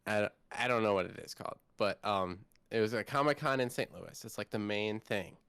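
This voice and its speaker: Young man, about twenty, excitable rambling storyteller, lowish voice, dry close sound. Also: fairly quick, gravelly, clean tone, no room sound. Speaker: co-host. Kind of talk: casual podcast chat.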